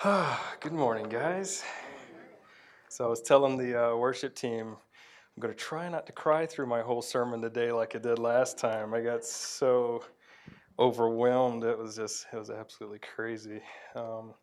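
A man preaching a sermon, nervous and emotional, halting with fillers and sliding into a soft, murmured prayer. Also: mid-range voice. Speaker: pastor.

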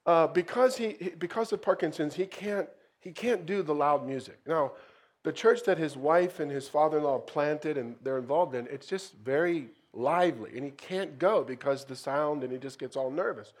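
A middle-aged man, a missionary pastor, telling a story in a sermon, lively and swinging into louder bursts. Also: fairly high pitch, normal speed.

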